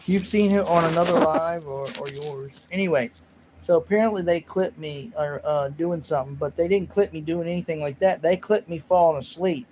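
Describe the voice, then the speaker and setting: A man talks loosely to his livestream audience, his voice sitting a little high for a man. He rambles, jokes at his own expense and answers the chat as he goes. A faint hiss sits under the recording. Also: normal speed. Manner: rambling, self-mocking, reads chat aloud. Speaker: livestream host.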